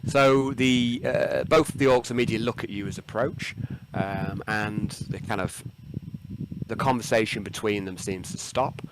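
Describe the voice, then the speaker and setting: A man narrating as game master of a tabletop game, halting and full of ums and restarts. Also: on the low side. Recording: noisy home recording.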